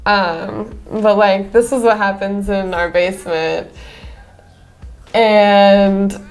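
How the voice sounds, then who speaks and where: A woman's voice: medium pitch, fairly even intonation, takes it slowly. A young woman musician, chatting casually in a studio interview with lots of "like" fillers and a playful manner. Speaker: musician, band singer. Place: studio with a green screen.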